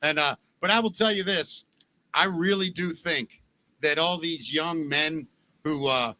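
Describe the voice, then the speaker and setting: A man hosting a casual podcast, with a high voice and a very bright, forward tone. He keeps up a stream of jokes and animated asides in easy banter. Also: measured pace. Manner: joking, animated storyteller. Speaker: podcast host.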